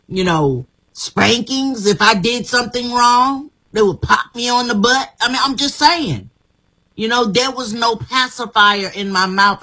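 A woman's voice: medium pitch, bright, forceful tone, breathy edge, poor audio. A woman guest telling her life story in an emphatic, repetitive, motivational way. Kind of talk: inspirational personal story.

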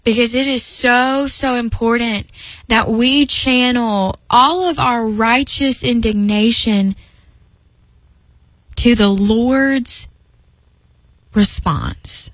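A woman's voice: a little high, takes it slowly, long pauses, fairly bright tone, no room sound, rough recording. A young woman speaking earnestly about faith in a personal devotional talk, emphatic and rambling with restarts. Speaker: Christian speaker.

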